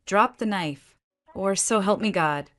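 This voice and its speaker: A woman voicing a desperate young husband who shifts from forced calm to bellowing at his mother in a dramatic audio story. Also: mid-range voice, measured pace, close to an everyday voice. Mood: shouting.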